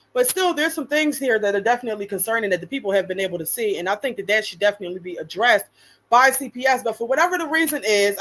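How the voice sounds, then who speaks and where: A woman's voice: mid-range voice, a bit bright. A woman streamer giving blunt, profane live commentary and reading out chat viewers' names. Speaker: reaction streamer.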